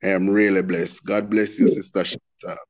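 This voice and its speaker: A man with a fairly low voice speaks slowly and earnestly at a prayer meeting. He repeats his phrases to stress what he means. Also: level tone. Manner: slow, earnest, repeats himself. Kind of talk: spoken testimony.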